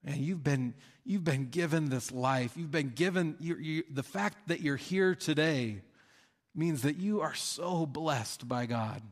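Conversational pastor in a reverberant hall. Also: male voice, a little high, unhurried. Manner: conversational, with fillers and acted-out quotes. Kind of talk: sermon.

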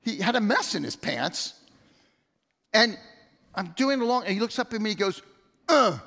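A man's voice: high voice, animated, moderate pace, bright, forceful tone. A middle-aged man preaching a sermon as pastor, conversational, often repeating words and telling stories. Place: church sanctuary. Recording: long hall reverb.

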